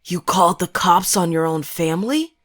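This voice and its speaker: A woman's voice: lowish voice, lively intonation, normal speed, no room sound, clean studio sound. A woman voicing a desperate, ghostly father figure with a falsely pleasant, menacing manner. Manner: falsely pleasant, then accusing.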